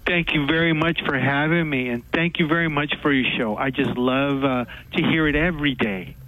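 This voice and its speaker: A man calling in to a radio show, telling a story in a halting way with many pauses and fillers. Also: on the high side, pushed and bright, rough recording. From Texas. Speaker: caller. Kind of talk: call-in radio chat.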